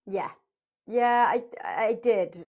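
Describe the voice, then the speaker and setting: A woman in her thirties from South Africa, a podcast guest telling travel stories in a lively way, laughing often and acting out what people said. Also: a little high, slow, dull audio. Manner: lively storyteller, laughs often, acts out quotes. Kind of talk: casual interview chat.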